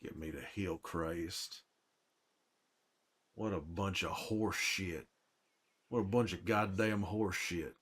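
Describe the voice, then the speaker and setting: A man's voice: sits low, slow pace, long pauses, fairly bright tone, husky, heavily acted. A man playing a grizzled, hot-tempered survivor while commenting in character on his game, swearing a lot and scolding himself. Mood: bitter, remorseful. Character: grizzled middle-aged male survivor, protective and hot-tempered.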